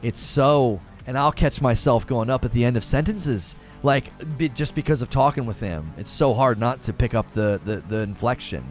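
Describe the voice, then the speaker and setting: A man's voice: medium pitch, normal speed, hardly any pauses. A man in his thirties from the United States hosting a casual live stream, reading chat aloud, laughing often and restarting his sentences. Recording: faint music behind.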